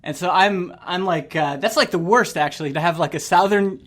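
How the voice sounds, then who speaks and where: Laughing Canadian podcast host. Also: male voice, high voice, moderate pace, fairly bright tone. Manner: rambling, laughs often. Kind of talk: casual podcast chat.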